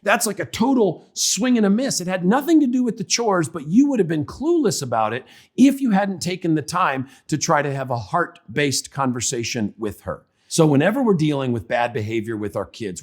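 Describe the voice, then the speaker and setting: A man's voice: mid-range voice, very animated, moderate pace. A man giving a Christian parenting talk in a conversational, humorous way. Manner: conversational, humorous, acts out examples. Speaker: parenting speaker.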